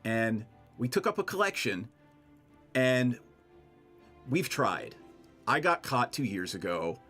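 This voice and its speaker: Man doing an eager young male student, earnest, pleading, animated pitch. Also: slow, faint music behind, exaggerated voice.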